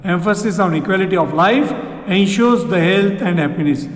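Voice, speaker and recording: A man with an Indian English accent, teaching exam grammar, who repeats sentences slowly and asks rhetorical questions. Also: sits high. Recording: echoey room with long reverb.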